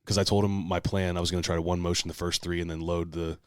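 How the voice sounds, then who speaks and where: A man with a low, deep voice tells a story in casual podcast chat, swearing freely and shouting out the lines he said back then. The sound is dry and close, with no room echo. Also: little pitch movement, fast talker, smooth. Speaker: podcast host.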